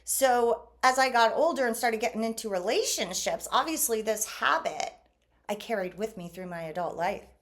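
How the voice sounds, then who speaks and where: A woman vlogger talking casually to camera, animated, acting out quoted exchanges as she goes. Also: fairly high pitch, normal speed.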